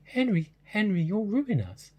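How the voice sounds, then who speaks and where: A man reading aloud and voicing a sweet, anxious young woman who pleads and teases softly. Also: huge pitch swings, fairly quick, husky, full character voice. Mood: alarmed. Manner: soft, pleading and raised in pitch.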